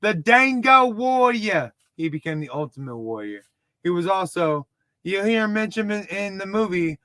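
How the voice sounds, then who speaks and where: Excitable Texan man reviewing a movie. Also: on the high side, moderate pace, no echo. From Dallas, Texas. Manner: rambling, excitable, self-mocking. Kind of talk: casual video review.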